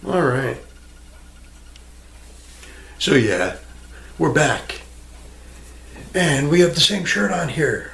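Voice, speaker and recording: A man's voice: a little high, sing-song, drawn-out words, creaky, long pauses, a bit bright. A man ranting to the camera in a rambling, sarcastic way, swearing freely and answering an imagined viewer. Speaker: vlogger. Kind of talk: rambling casual rant to camera.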